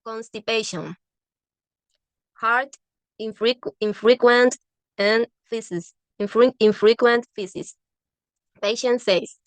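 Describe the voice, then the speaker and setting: A woman reads a medical English textbook aloud at a slow, careful pace, stumbling and restarting words as she goes. Her voice is smooth and clear. It sounds dry and close. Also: a little high, no echo. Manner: halting, frequent restarts on words. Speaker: student reading a textbook aloud.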